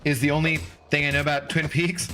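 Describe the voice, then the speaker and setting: Bright-voiced man in his forties, casual. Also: fairly high pitch, level tone, a little fast, soft background music. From Washington State, USA. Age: 40s. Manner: loose, profane, laughs often. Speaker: livestream host reading chat. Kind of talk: casual chat.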